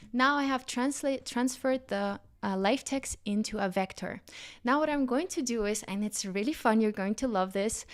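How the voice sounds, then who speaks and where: A woman hosting a live design tutorial, bubbly and enthusiastic, a bit out of breath from excitement. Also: a little high. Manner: bubbly and enthusiastic, frequent exclamations. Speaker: livestream design instructor.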